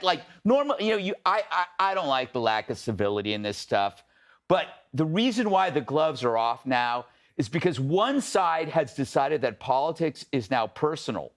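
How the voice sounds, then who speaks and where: A man co-hosting a panel discussion show, riffing sarcastically with quick asides. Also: mid-range voice.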